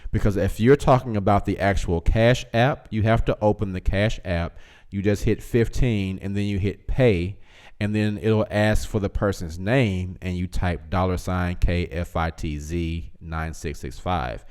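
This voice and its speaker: A man's voice: sits low, steady tone, measured pace, a little mellow, clear, resonant tone. A man hosting a casual livestream, reading chat comments aloud, teasing viewers and laughing often.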